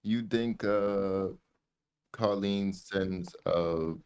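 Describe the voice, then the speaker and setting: Man, low voice, blunt, profane, disbelieving co-host. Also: fairly even intonation, very slow, darkish tone, smooth, recorded from a distance. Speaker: podcast co-host. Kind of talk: casual chat reacting to videos.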